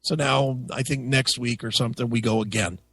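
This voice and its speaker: A man hosting a radio talk show, telling a story in a casual, profane and animated way. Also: medium pitch, fairly quick, gravelly. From United States. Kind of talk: casual chat.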